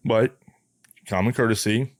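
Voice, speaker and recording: A man's voice: lowish voice, unhurried, no room sound. Man telling a story on a podcast, dry sound. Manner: animated anecdote teller with many restarts. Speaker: podcast host.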